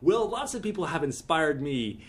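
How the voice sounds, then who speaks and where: A man's voice: a little high, very animated, moderate pace, fairly bright tone, slightly rough. A man talking casually as a guest musician in a radio studio, chatty and rambling with self-deprecating jokes, into a studio microphone. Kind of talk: casual radio interview chat.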